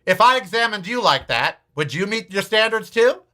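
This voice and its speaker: A man's voice: high-pitched, animated, normal speed, sharp tone. A man doing a dry, patient deli butcher.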